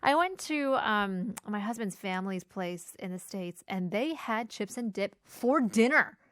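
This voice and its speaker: A woman co-hosting a casual radio chat, playful and quick to laugh. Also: mid-range voice, expressive, a bit bright, dry recording, studio quality. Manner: playful, laughs often, mixes in Korean phrases. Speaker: radio co-host.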